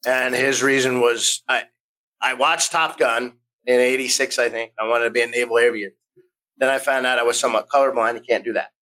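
A man's voice: mid-range voice, steady tone, fairly quick, bright, forceful tone, poor audio. A man in his fifties from the United States, a podcast guest telling rambling stories, restarting sentences and acting out the voices he quotes. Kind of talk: casual storytelling interview.

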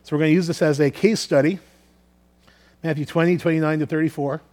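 Earnest male preacher, fairly high voice, halting repeats, sermon delivery. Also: steady tone, darkish tone. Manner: earnest, repeats words while thinking aloud. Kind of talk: sermon with scripture reading.

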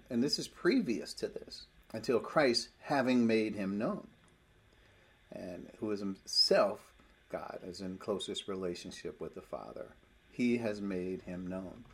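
A man teaching a Bible lesson, explaining verses step by step and reading scripture aloud with emphasis. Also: on the low side.

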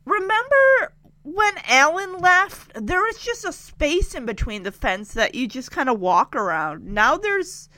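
A woman's voice: a little high, pushed and bright, no echo, rough recording. A woman casually commenting as she follows a story, chatty and giggly. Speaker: vlogger.

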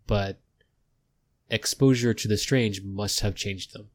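A man's voice: fairly low pitch, steady tone, takes it slowly. A man narrating a tabletop game as game master, in a loose, rambling way.

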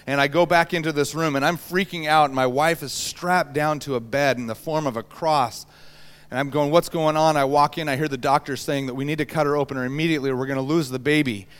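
A man in his thirties preaching a sermon, telling a personal story with lively acted-out voices. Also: medium pitch, clear, resonant tone. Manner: animated storyteller, acts out voices. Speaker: pastor.

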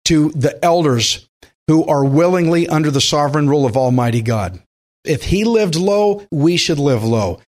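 A man preaching a sermon in an earnest, conversational way, slowing down to stress key points. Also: on the high side. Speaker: pastor.

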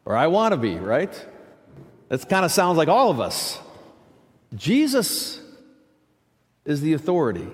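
A man's voice: fairly high pitch, wildly swooping pitch, a little slow, long pauses, long reverb tail. A man preaching a sermon as pastor, in a conversational, emphatic way with frequent asides. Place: church.

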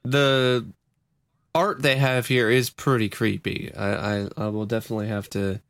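A man's voice: medium pitch, flat delivery, moderate pace, a bit bright, no room sound. Male podcast co-host, close dry sound, easy laughs, mock-outraged banter. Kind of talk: casual comedic podcast chat.

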